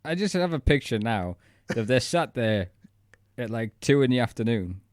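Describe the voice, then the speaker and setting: A man's voice: mid-range voice, very animated, moderate pace, no room sound, clean studio sound. A man co-hosting a casual podcast chat, rambling and thinking aloud. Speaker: podcast co-host.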